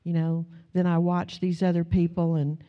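A woman's voice: on the low side, moderate pace. A woman preaching a sermon in a conversational, storytelling way, acting out the people in her stories. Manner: conversational, folksy, animated in quoted retellings. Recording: dull lo-fi sound.

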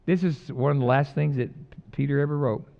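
A middle-aged male pastor preaching a conversational sermon, mixing loud emphatic lines with quiet, jokey personal stories. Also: medium pitch, fairly quick, gravelly, lo-fi sound.

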